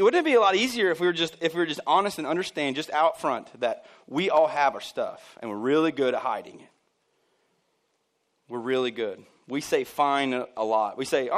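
Joking man preaching a sermon. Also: a little high. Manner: conversational and joking, acts out voices of people he quotes. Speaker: pastor. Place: church.

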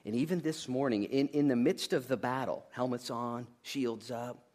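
A man in his thirties preaching a sermon, jokey and animated, swinging between loud bursts and quiet asides. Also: medium pitch, moderate pace. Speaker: pastor.

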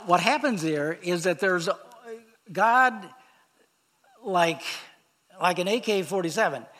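Male preacher, sermon, fairly high voice, slow and halting, reads scripture then explains it plainly. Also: fairly bright tone. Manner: unhurried, halting delivery with pauses and fillers.

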